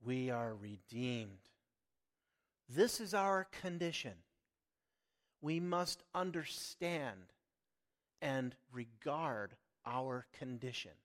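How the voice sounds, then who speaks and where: Slow, emphatic middle-aged male preacher. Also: medium pitch, lively intonation, a bit bright. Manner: earnest, slow and emphatic, with sudden swells and drops in volume. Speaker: lay preacher. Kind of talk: sermon.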